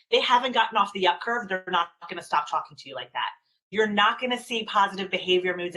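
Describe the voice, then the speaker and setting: A woman's voice: mid-range voice, rough recording. A woman parenting expert presenting a webinar over a video call, talking animatedly and acting out what parents and children say. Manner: animated, acts out quoted parents and kids.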